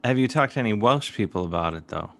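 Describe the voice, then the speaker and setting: A man from suburban Cleveland hosts a relaxed comedic interview over a video call, asking his questions in a playful, goofy manner. His voice sits fairly low. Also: fast talker, vocal fry, dry recording. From suburban Cleveland, USA. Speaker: talk show host.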